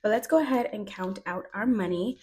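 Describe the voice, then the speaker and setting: A woman's voice: mid-range voice, fairly quick, a little mellow, breathy edge, poor audio. A woman vlogger chatting casually to camera about her week while counting out cash, with dry sarcastic asides. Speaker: budgeting vlogger.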